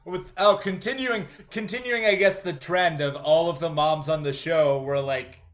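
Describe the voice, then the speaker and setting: Higher-voiced man in rambling podcast chat. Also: normal speed. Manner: rambling, animated, swears freely. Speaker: podcast co-host.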